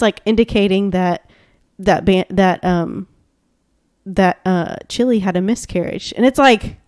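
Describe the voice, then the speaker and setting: A woman's voice: lowish voice, darkish tone, no room sound, studio quality. A woman co-hosting a podcast in casual chat, gushing and rambling with lots of fillers. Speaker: podcast co-host.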